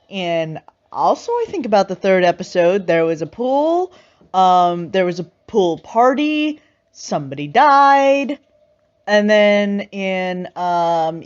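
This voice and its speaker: A woman giving casual, sarcastic reaction commentary and laughing often. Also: mid-range voice. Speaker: reaction video host. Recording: slightly muffled lo-fi recording.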